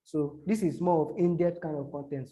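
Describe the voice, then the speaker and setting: Teaching online marketing to a small group, this man speaks in a fairly high yet mellow, soft-edged voice. He's a social media marketing teacher whose delivery is repetitive and halting, broken up by short acted-out examples.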